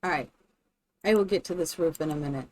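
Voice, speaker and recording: A woman's voice: low-pitched, fairly quick, darkish tone. Chatty woman streaming a building game. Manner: chatty, thinks aloud, greets viewers by name. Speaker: live streamer. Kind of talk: casual live-stream commentary while building in a game.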